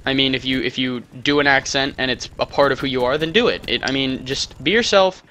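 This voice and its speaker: A man's voice: mid-range voice, brisk, bright, forceful tone, slight background noise. A young American man giving casual gameplay commentary, rambling with self-mocking jokey asides. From United States. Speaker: gaming commentator.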